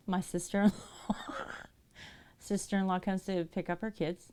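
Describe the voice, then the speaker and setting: A woman's voice: mid-range voice, darkish tone, a little hiss or hum. A middle-aged woman casually telling stories to her livestream viewers, chatty and laughing often. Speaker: livestream painter.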